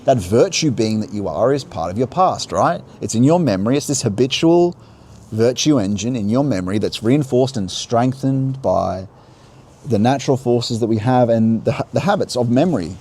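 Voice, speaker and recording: On a livestream beside river rapids, a man gives an earnest, unscripted religious talk, musing aloud and restarting his thoughts as he goes. His mid-range voice is warm and slightly rough, with lively intonation. Faint rushing water sounds in the background.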